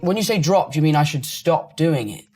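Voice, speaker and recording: A man's voice: a little high, lively intonation, fairly quick, a little mellow, faint music behind. A man with a London accent, chatting casually and joking as he answers fan comments about himself. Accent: London English. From London, England. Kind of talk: casual chat reacting to online comments.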